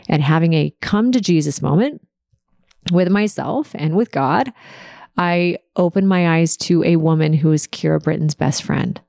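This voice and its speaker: Gravelly-voiced woman telling a personal story. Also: fairly low pitch, mellow, no room sound, clean studio sound. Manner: emotional, tells story with quoted dialogue. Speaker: podcast host.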